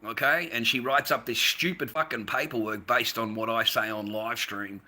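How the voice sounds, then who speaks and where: An Australian man talking to viewers on a livestream, rambling and swearing freely, swinging between loud ranting and tired, low musing. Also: steady tone, moderate pace. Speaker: livestream host. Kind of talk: casual livestream talk to viewers.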